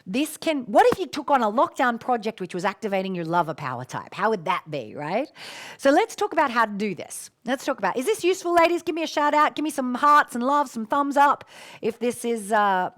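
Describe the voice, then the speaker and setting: A middle-aged Australian woman hosting a live-streamed coaching talk, expressive and affectionate with her listeners. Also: a little high, a little fast. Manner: warm, expressive, calls listeners "my darling".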